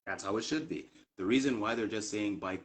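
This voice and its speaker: A man's voice: lowish voice, fairly quick. A man from Canada telling a story earnestly in casual chat, with many fillers and restarts that build to indignant emphasis. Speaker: guest.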